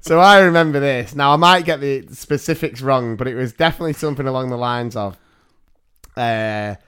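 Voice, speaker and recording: A man's voice: mid-range voice, brisk, clean tone. A man with a British accent, co-hosting a comedy podcast and chatting casually, laughing and acting out voices. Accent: British English. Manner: animated, laughs often, acts out silly voices. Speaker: podcast co-host.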